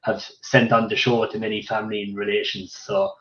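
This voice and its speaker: A man's voice: on the low side, level tone, fairly quick, a bit bright, echoey room, dull audio. A man with a Cork Irish accent, a guest on a radio show, speaking casually with frequent fillers and restarts. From Ireland. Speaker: guest, hurling club player.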